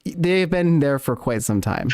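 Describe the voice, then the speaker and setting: A man narrating as game master, often pausing and correcting himself as he goes. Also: on the high side, expressive, background noise. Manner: halting, self-correcting, apologetic.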